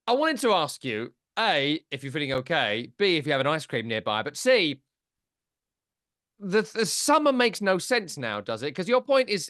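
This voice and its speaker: A man's voice: on the high side, bright, forceful tone, no echo, studio quality. A man co-hosting a football podcast, talking in a casual, wry and teasing way. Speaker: podcast co-host.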